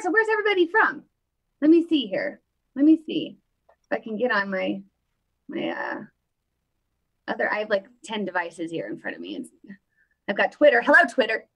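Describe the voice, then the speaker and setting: A woman's voice: mid-range voice, very animated, fairly quick, a bit bright, poor audio. Chatty woman hosting a live stream. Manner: chatty and upbeat, talking straight to viewers. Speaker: host of a live political show. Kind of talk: casual live-stream chat.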